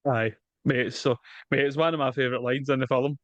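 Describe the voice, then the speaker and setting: A man's voice: medium pitch, steady tone, quick pace, no room sound, muffled recording. A man in casual, sweary film chat, rambling and dropping mate and aye, talking over a video call. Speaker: podcast co-host.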